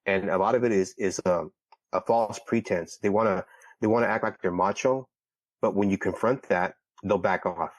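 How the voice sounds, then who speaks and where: Male guest from California, low voice, conversational storyteller, dry mic. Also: moderate pace, no echo. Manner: repeats words, heated when retelling. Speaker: podcast guest. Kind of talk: casual storytelling.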